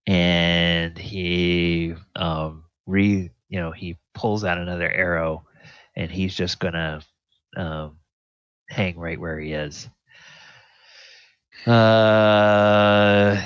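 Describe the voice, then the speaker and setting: A man narrating a tabletop game as game master, halting and full of ums. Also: sits low, a bit bright, dry recording. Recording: slightly dull, dry audio.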